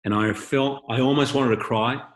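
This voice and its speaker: A man's voice: medium pitch, fairly even intonation, normal speed. A man being interviewed as the patron of an acting school, telling candid, reflective anecdotes over a video call. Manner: reflective, openly shares feelings.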